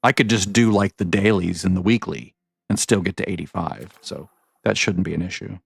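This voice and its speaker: A man's voice: low-pitched, moderate pace, gravelly, breathy edge, dry recording. A man giving casual, rambling commentary over his game, often stopping to correct himself. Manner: rambling, self-correcting, chatty. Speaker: gaming vlogger.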